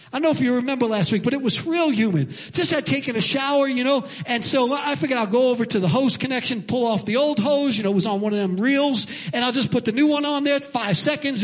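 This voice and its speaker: A man preaching a sermon, telling a personal story with animated emphasis before turning to scripture. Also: extremely high pitch. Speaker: pastor.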